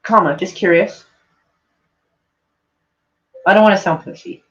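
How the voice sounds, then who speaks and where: A man with a noticeably high voice chats loosely on a live stream, looping through "like" and casual swearing. A mild speech impediment colours his words. The audio is dull and lo-fi, like a cheap home setup. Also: fairly even intonation, unhurried, a bit bright. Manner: loose and meandering, heavy on "like", swears freely. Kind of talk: casual rambling stream chat.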